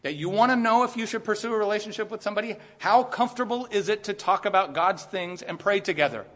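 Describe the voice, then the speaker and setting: A man's voice: high voice, fast, fairly bright tone. A middle-aged man preaching a sermon in a church, talking to the congregation conversationally and with emphasis, and dropping in joking asides.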